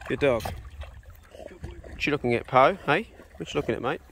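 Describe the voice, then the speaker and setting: A middle-aged man who owns a rural farm hosts a casual outdoor vlog there, speaking bluntly and swearing easily. His mid-range voice is slightly bright, with lively intonation at a normal speed, and a little hiss or hum sits in the audio.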